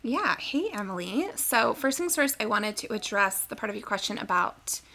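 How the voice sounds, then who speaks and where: A woman co-hosting a podcast, explaining wellness tips in a friendly, casual way. Her voice is heavy with vocal fry at a mid pitch. She doubles words for emphasis as she walks listeners through each step. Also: big pitch swings, moderate pace, pushed and bright. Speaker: podcast co-host, nutrition advisor.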